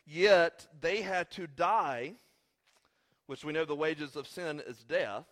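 A man's voice: fairly high pitch, takes it slowly, a bit bright. A congested man with a slight cough, preaching a sermon as pastor with earnest, rising emphasis on key points.

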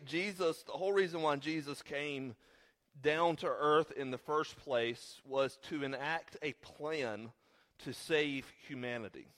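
A man's voice: fairly high pitch, a bit bright. A congested man with a slight cough, preaching a sermon as pastor with earnest, rising emphasis on key points.

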